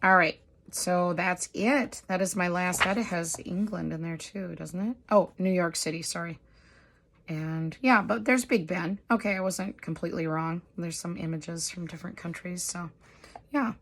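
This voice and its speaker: Hoarse woman, chatty craft vlogger. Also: lowish voice, moderate pace, fairly bright tone. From United States. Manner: rambling, apologetic, self-deprecating with light laughs. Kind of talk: casual chatty show-and-tell.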